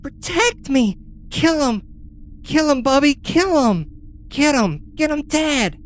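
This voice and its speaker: A man's voice: extremely high pitch, animated, slow, pitched above the performer's own voice, heavily acted. A man voicing a frightened seven-year-old boy who urges a monster to kill in a tabletop game. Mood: shrieking. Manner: shrieking, demanding.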